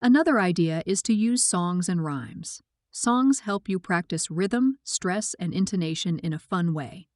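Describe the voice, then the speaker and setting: A woman narrating a scripted English pronunciation lesson, speaking slowly with clear, careful articulation. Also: on the low side, expressive, a little mellow, no echo, studio quality. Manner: slow, clear, carefully articulated teaching delivery.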